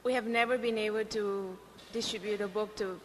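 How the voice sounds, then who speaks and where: A woman in the audience asking a question hesitantly, with pauses and fillers. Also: medium pitch, steady tone, a little hiss or hum. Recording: echoey hall.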